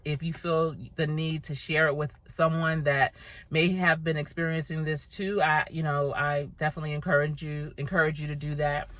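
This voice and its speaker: A woman's voice: sits low, flat delivery, normal speed, fairly bright tone, no echo. A middle-aged woman vlogging to camera in an earnest, ranting way, chewing gum as she talks. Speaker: vlogger, coach. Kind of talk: casual vlog talk to camera.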